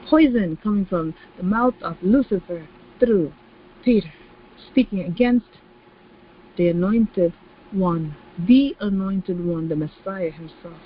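A woman's voice: mid-range voice, slight background noise. Emphatic woman preacher, slightly muffled. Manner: emphatic, repeats key phrases, acts out quoted voices. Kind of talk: sermon.

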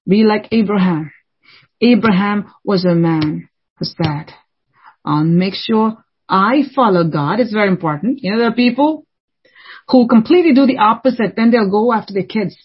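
Husky lady preacher scolding her congregation, kinda muffled lo-fi sound. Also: medium pitch, normal speed. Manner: fervent, scolding, repeats lines for emphasis. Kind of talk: sermon.

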